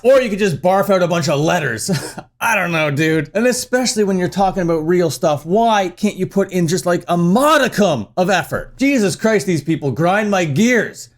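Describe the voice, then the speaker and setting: A young man giving profane, sarcastic, incredulous commentary, mocking what he reads aloud. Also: high voice.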